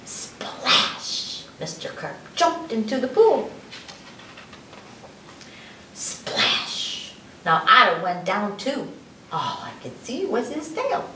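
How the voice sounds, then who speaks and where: A woman reading a picture book aloud for a library story time, expressive and with chatty asides. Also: fairly high pitch. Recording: roomy, distant mic, faint hiss.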